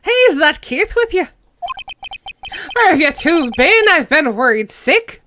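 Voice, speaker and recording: A woman doing a loud old Irish father. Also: sits high, big pitch swings, measured pace, noisy background. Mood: doting. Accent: put-on Irish. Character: gruff elderly Irish boat shop owner, a fretting father.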